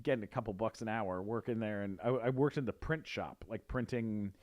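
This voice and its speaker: A man's voice: on the low side, brisk, darkish tone. A man telling a story in casual chat, rambling with many fillers and restarts. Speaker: guest.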